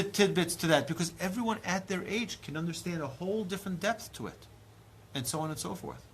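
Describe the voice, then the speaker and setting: A man in his thirties, a rabbi giving a lively Torah lecture, acting out dialogue with big swings in pitch and loudness. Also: fairly quick, a little hiss or hum. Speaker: rabbi teaching a class.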